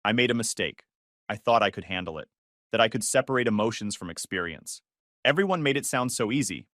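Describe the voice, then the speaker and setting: A man voicing a young ex-girlfriend who talks softly and shakily, close to tears. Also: lowish voice, lively intonation, fairly quick, no echo. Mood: tearful. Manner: shaky, soft, near tears. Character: young woman, tearful ex-girlfriend, pleading.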